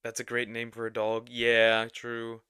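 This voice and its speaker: A man's voice: medium pitch, monotone, unhurried, pushed and bright, clear, resonant tone, no echo. A man streaming a video reaction, tossing in dry, jokey asides. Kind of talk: casual reaction commentary.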